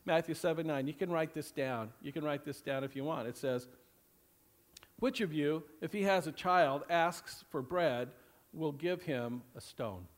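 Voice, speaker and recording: A male pastor preaching a sermon to several campuses, rambling with lots of "you know" and slowing down for scripture. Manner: rambling, repeats phrases, many "you know" fillers; slows and drops low for scripture readings.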